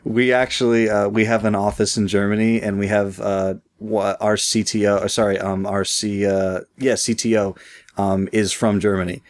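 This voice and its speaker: A man's voice: lowish voice, level tone, moderate pace. A man co-hosting a casual podcast, wry and teasing, with many fillers and restarts. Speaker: podcast co-host.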